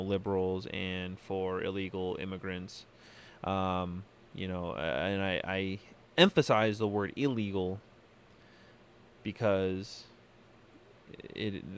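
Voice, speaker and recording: A man hosting a podcast from California, giving opinionated solo commentary in a halting way, full of fillers and restarts. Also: fairly low pitch, clear, resonant tone. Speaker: podcast host.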